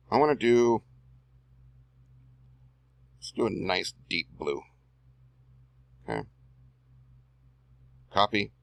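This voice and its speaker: A low voice with vocal fry and no echo: an online marketer and video host mutters through copy while editing a screen-recorded tutorial. He talks to himself, adding drawled, slangy asides.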